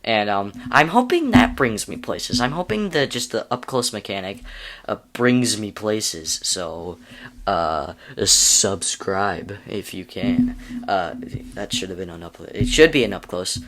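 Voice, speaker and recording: A man's voice: on the low side, big pitch swings, moderate pace, a bit bright. A young man casually walking through a video editing tutorial, rambling and correcting himself with amused asides. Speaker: YouTube tutorial creator.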